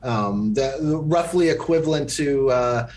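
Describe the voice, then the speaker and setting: A man's voice: medium pitch, animated, a little slow, darkish tone, a little hiss or hum. A man co-hosting a podcast, talking through a film in a rambling, casual way that is full of fillers and restarts. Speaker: podcast co-host. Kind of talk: casual movie review chat.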